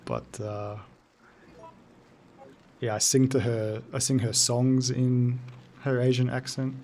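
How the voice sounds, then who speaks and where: A man's voice: medium pitch, flat delivery, slow, warm tone, a little hiss or hum. Joking man streaming a horror game. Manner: loose, joking, sweary, talks to chat between game moments. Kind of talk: casual live-stream chat while playing.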